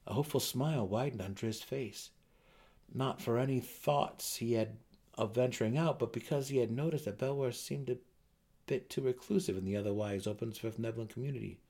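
A man narrating a dramatic reading of a fantasy novel, telling the story in a measured way and voicing each character. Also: lowish voice, steady tone, a little mellow.

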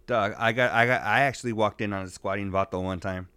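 A man's voice: fairly low pitch, steady tone, fast talker, bright, forceful tone, smooth, dry recording. A man in his thirties co-hosting a podcast, telling profane stories in casual chat. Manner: profane, storytelling, says "dog" a lot. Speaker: podcast co-host.

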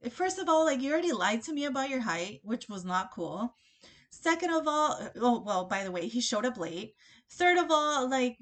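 A woman hosting a podcast, telling a dating story in a chatty, animated way, acting out both sides of the conversation and laughing often. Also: high-pitched. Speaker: podcast host. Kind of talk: casual storytelling monologue.

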